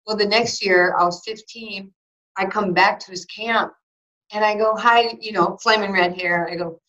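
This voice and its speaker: A woman in her fifties from New York, a former basketball player telling animated stories in an interview and acting out quotes. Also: mid-range voice, moderate pace, muffled recording. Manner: lively anecdotes with acted-out quotes, many fillers.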